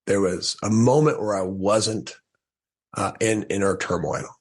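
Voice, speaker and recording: Low, husky man telling his story. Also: a little slow. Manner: animated, acts out his own past thoughts with restarts and laughs. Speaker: podcast guest. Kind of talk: candid personal storytelling.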